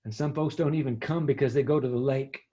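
A man preaching a sermon as a vivid story, dropping to a hush at tense moments. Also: mid-range voice, fast talker, highs cut off. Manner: vivid storytelling with sudden hushed drops.

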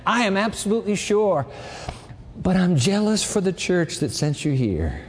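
A man preaching a sermon on a campus, talking to students in a conversational way that swings from loud to quiet. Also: high-pitched, big pitch swings, normal speed, slight background noise. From raised partly in Japan. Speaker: campus pastor. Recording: long hall reverb.

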